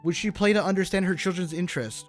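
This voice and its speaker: A young male host with a fairly high voice for a man chats loosely about a game, stumbling and restarting as he goes. Faint music plays under his voice. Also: fast talker. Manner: loose and rambling, with restarts and casual swearing. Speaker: gaming YouTuber host. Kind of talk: casual chat.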